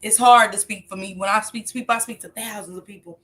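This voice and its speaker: A woman's voice: medium pitch, steady tone, quick pace, fairly bright tone. A woman hosting a casual livestream, talking straight to her chat in a loose, joking and profane way. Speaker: livestream host.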